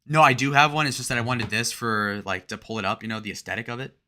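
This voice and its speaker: A man's voice: medium pitch, fairly even intonation, quick pace, hardly any pauses, bright, forceful tone. A young man hosting a livestream, rambling crudely and joking as he reads out and answers chat messages. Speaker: livestream host.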